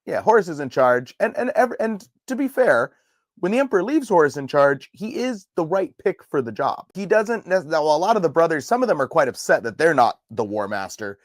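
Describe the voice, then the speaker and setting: A man's voice: fairly high pitch, big pitch swings, brisk, no echo. A man co-hosting a casual podcast, explaining history with a dry, wry humor.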